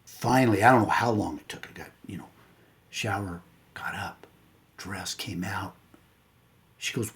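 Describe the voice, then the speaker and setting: Sharing a personal story to motivate his audience, a man who coaches speaks with earnest feeling, his voice going low and soft when he reaches the difficult parts. He is unhurried and pauses often.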